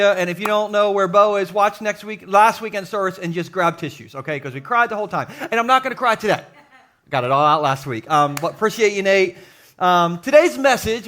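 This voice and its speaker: Middle-aged male pastor, high and bright voice, jokes with the congregation in a church hall. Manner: jokey, animated, talks to the congregation. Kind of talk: sermon. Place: church sanctuary with live audience.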